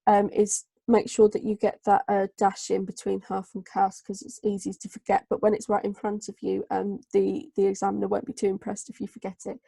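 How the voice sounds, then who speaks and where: A woman tutor, running a live online group lesson and dictating analysis slowly with many fillers. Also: medium pitch, monotone, creaky, dark tone, husky, no room sound. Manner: slow, hesitant dictation with many fillers while writing. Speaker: English tutor.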